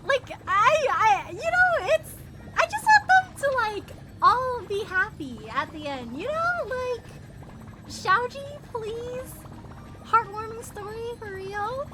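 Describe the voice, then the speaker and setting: A woman's voice: very high-pitched, sing-song, unhurried, very noisy. A woman streamer chatting casually with her live chat, bubbly and giggly, greeting viewers by name, her voice still recovering from strain. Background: game music.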